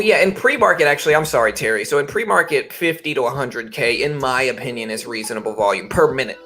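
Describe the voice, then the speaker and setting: Thirties male streamer, faint Louisiana accent, bright and forward tone, loose rambling delivery, soft music underneath. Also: mid-range voice. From Baton Rouge, Louisiana. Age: 30s. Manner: rambling, laid-back, says "bro" and "you know". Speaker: trading livestream host. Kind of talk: casual livestream chat. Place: home office.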